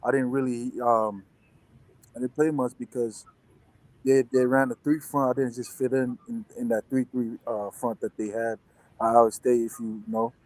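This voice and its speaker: A young man, a football player, chats as an interview guest. He rambles through his story with a lot of restarts and fillers. His voice is mid-pitched, and the recording is dry and close. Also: flat delivery, normal speed, darkish tone, dry recording, low-quality recording. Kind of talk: casual interview chat.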